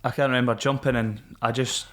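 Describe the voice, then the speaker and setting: A man's voice: medium pitch, fairly even intonation, a little fast, a bit bright. Swearing Scottish man telling war stories. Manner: frank, swears often, laughs things off. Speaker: podcast guest, former Royal Marine. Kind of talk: casual storytelling.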